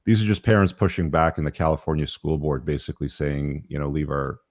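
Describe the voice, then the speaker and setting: A man hosting a casual panel show, talking in a relaxed, rambling way with many fillers. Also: a bass voice, brisk, no echo. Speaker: show host.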